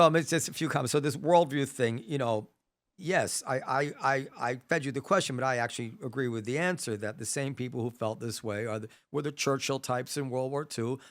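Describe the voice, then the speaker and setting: A man hosting a casual conversational interview, animated, thinking aloud with frequent restarts. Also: mid-range voice. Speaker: podcast host. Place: New York.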